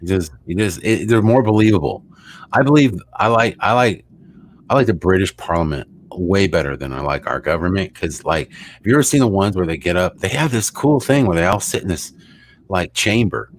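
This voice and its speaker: A man's voice: sits low, expressive, brisk, slight background noise. A man hosting a show, rambling and joking in casual chat, swearing freely. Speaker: host.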